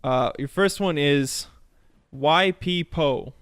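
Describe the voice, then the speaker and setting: A man's voice: on the high side, slow pace, fairly bright tone, smooth, no echo, studio quality. A man hosting a casual podcast, talking in a loose, rambling way and laughing often. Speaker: podcast host.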